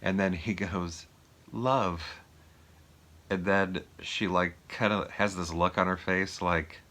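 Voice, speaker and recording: Low-voiced man chatting loosely. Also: level tone, unhurried, sharp tone. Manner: rambling, filler-heavy, chuckling. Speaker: movie review vlogger. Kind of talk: casual chat.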